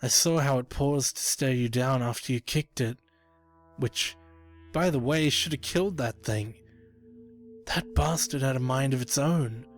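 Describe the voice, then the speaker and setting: A man's voice: medium pitch, measured pace, faint music behind, pitched above the performer's own voice, natural voice. A man voicing a frightened, unhinged young man who stammers and pleads, in a creepypasta reading. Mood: anxious. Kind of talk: creepypasta narration.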